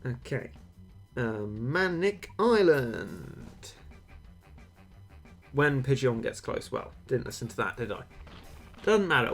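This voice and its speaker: A man's voice: mid-range voice, a bit bright. Young british guy rambling thru a game stream, lots of ums, faint music under it. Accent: British English. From Britain. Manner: chatty, rambling, hesitant with many ums. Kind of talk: casual gaming stream chat.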